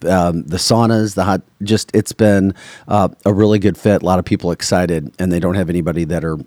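A man hosting a casual political talk podcast, blunt and opinionated, rattling off quick asides. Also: sits low, fairly even intonation, darkish tone, no echo, studio quality. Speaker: podcast host.

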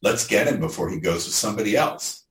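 A man's voice: lowish voice, animated, quick pace, fairly bright tone, far from the mic. A man hosting a podcast who talks enthusiastically and sums up the guest's points in casual interview chat. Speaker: podcast host. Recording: roomy sound, voice off-mic.

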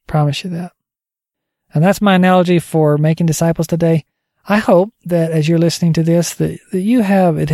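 A man's voice: a little high, gravelly, dark tone, no echo, studio quality. A man hosting a ministry podcast, giving an informal teaching talk in a conversational, folksy way and repeating phrases for emphasis.

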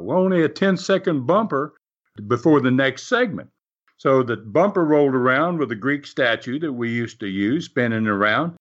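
Animated chuckling man telling a story. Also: on the high side. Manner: animated, chuckles often, acts out quotes. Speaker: wrestling promoter and TV producer. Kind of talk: storytelling anecdote. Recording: dull lo-fi recording.

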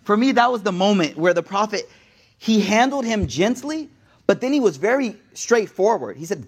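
Young male preacher, high voice, animated and off-the-cuff, talks straight to the audience. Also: normal speed, slightly rough. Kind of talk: casual sermon.

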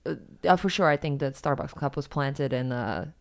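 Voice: medium pitch, normal speed, vocal fry. A podcast co-host from Russia, joking in a wry way. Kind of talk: casual podcast chat.

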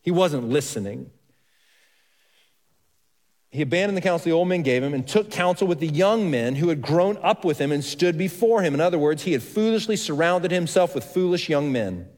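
A man's voice: fairly high pitch, animated, moderate pace, a little mellow. A male pastor preaching a sermon, reading scripture aloud and asking the congregation questions. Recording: reverberant hall.

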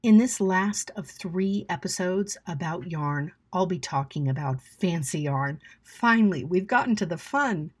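Chatty woman host with a low husky voice. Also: a little slow, few pauses. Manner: chatty and lively, with asides and frequent "right?". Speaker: podcast host. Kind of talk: educational podcast monologue.

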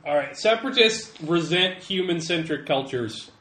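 A man running a tabletop game, describing scenes with loose, easygoing narration. His voice is bright and forceful. The recording sounds roomy. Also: a little high, expressive, moderate pace. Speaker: game master.

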